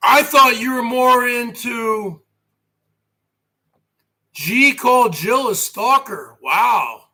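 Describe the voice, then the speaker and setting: High bright-voiced guy in his 40s ranting on his stream, swearing, goes quiet then yells. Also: expressive, very slow, pauses often. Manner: brash, boastful, swearing, swings from quiet to shouting. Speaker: host. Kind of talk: livestream rant.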